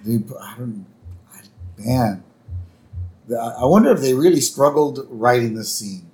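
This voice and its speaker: A man's voice: medium pitch, expressive, unhurried, darkish tone, breathy edge. A man co-hosting a podcast, narrating episode events in casual chat with fillers. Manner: narrates plot step by step, fillers, acts out lines. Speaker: podcast co-host.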